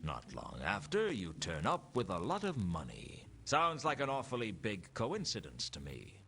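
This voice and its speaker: A man's voice: on the low side, huge pitch swings, normal speed, gravelly, pushed and bright, slight background noise, exaggerated voice. An actor playing a weary, sardonic male detective in a noir video game, speaking dryly. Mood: probing. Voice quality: dry, sardonic delivery. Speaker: game character.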